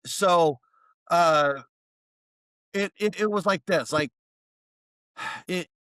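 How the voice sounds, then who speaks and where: An American man, a therapist, telling a story as a podcast guest in a rambling, animated way. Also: high voice, very slow, clear, resonant tone, no room sound. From United States. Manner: rambling, animated, many restarts. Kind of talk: casual storytelling.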